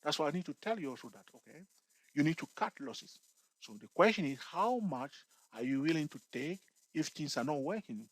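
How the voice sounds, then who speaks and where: Guy explaining buy and hold investing, kinda high voice, super animated, keeps saying okay, dry sound. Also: brisk, dry recording, low-quality recording. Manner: repetitive, peppers talk with "okay" and "all right"; lively, jokes with viewers. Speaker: investing tutor. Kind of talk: casual spoken tutorial.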